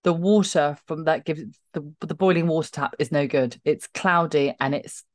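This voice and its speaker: A woman's voice: low voice, normal speed, dry recording. A woman co-hosting a podcast, chatting casually in a wry, teasing way. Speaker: podcast co-host. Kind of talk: casual chat.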